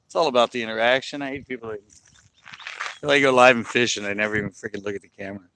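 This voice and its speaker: Talking very fast in a pushed, bright voice of medium pitch and steady tone, a man chats casually while fishing on a lakeside livestream. He speaks into his phone camera, laughs frequently, and a little hiss or hum is audible.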